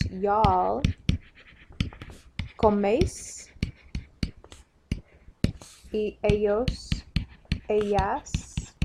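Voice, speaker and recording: A woman teaching a recorded grammar lesson, patiently spelling out verb endings and walking students through each form. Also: medium pitch. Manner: clear, patient explaining, spelling out endings and drilling conjugations. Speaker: Spanish teacher. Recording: noisy with pen clicks and writing sounds.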